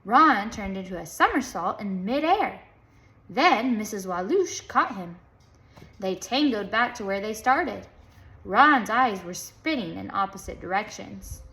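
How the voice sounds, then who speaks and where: A woman reading a children's book aloud in a lively, playful way, chanting the rhythm sounds. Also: medium pitch, unhurried. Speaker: storybook reader.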